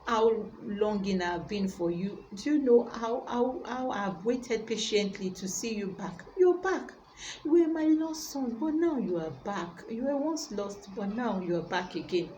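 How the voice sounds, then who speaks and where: A woman voicing an overjoyed elderly father who repeats himself in excitement as he welcomes his lost son home. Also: medium pitch, a little slow, few pauses, slight background noise, close to an everyday voice, rough recording.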